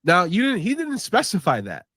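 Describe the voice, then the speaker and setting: A man reacting to a call he was on, animated and exasperated, replaying clips. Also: high voice, moderate pace, dry recording, studio quality. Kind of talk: casual reaction chat.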